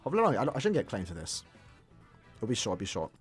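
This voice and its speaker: Lively young male game streamer. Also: fairly low pitch, quick pace, faint music behind. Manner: chatty, restarts words, laughs easily. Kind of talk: casual live-stream chat.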